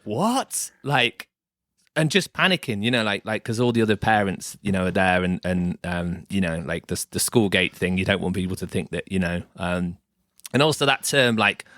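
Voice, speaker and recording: A man's voice: deep voice, normal speed, fairly bright tone, dry recording, studio quality. A middle-aged man hosting a podcast, talking in a rambling, hesitant way with lots of restarts. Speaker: podcast host. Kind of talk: casual chat.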